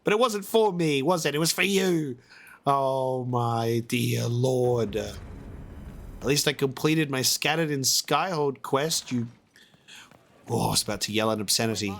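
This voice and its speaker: A man's voice: mid-range voice, measured pace, a bit bright. A man reacting to a video game as a let's-play host, exasperated and rambling, often swearing.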